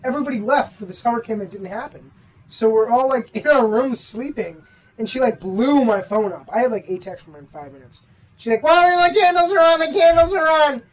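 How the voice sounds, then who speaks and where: A woman's voice: a little high, expressive, brisk, darkish tone. A young woman co-hosting a casual student podcast, telling a story animatedly and swearing a lot. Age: young adult. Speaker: podcast co-host. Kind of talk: casual chat. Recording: distant from the mic.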